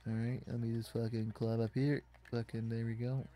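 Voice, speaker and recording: A man's voice: medium pitch, little pitch movement, normal speed, dark tone. A man casually commenting on a wrestling video game as he plays, rambling and swearing in frustration at it. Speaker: gaming YouTuber.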